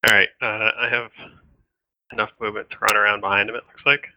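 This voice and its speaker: Gravelly easygoing man on a dull mic. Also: fairly low pitch, little pitch movement, fast, a little hiss or hum. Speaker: player, an axe fighter. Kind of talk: casual tabletop play.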